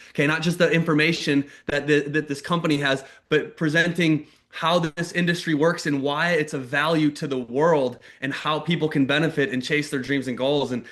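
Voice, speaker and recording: A man in his thirties from Minnesota, giving a lively motivational talk with stories on a mentorship call. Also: on the high side. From Minnesota, USA. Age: 30s. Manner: energetic, acts out quoted voices loudly. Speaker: network marketing mentor. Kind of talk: motivational storytelling on a group call.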